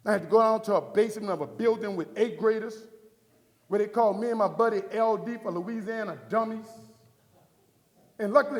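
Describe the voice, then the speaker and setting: A middle-aged man giving an inspirational keynote speech, telling a story and acting out the dialogue with a preaching cadence. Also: high-pitched. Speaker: motivational speaker. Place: large hall before a live audience. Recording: echoey hall from far off.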